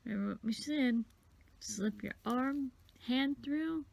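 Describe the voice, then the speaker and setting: A woman's voice: sits high, slow, vocal fry, a little mellow. A sniffly woman casually rambling through a bead-bracelet craft tutorial, counting beads aloud as she works. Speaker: craft vlogger.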